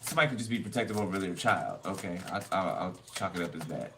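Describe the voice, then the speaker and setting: Low-pitched and fast, with hardly any pauses, a male tarot reader rambles through a casual reading, blunt with the cards and cursing freely. It's recorded on a distant mic with background noise.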